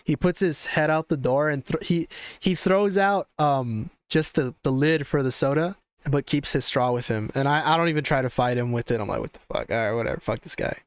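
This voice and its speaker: A man's voice: fairly high pitch, moderate pace, clean tone, dry recording. A young man hosting a podcast, telling a story in a casual, profane, rambling way. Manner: profane, animated, rambling with restarts. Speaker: podcast host.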